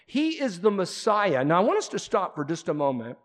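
A man preaching from the pulpit in a somewhat high voice. He talks to the congregation in a plain, conversational way, then presses hard on his points with loud, emphatic bursts before dropping into quiet asides. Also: huge pitch swings, brisk. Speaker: pastor. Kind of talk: sermon.

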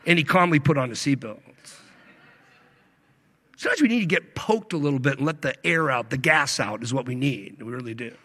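A male pastor delivering a sermon, stretching key words slowly and swinging between loud emphasis and hushed asides. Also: mid-range voice, expressive. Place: church sanctuary. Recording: long reverb of a large hall.

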